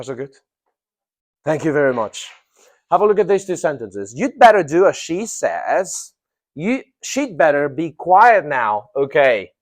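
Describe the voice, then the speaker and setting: Man teaching grammar, slow repeats. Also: on the high side, a bit bright. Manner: asks the class questions, repeats key phrases slowly. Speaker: English teacher. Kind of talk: classroom grammar lesson.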